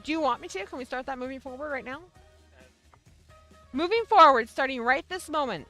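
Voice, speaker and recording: A woman hosting a casual livestream, chatting with her viewers in a bubbly, excitable way. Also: high-pitched, fairly quick, soft background music. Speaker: livestream host of a yarn shop show.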